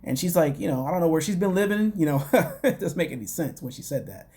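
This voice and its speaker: A man's voice: fairly high pitch, lively intonation, fast, darkish tone. A man casually recapping a reality show as a podcast host, rambling with lots of fillers and wry, dismissive asides. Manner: rambling, loose, full of "you know" and "like".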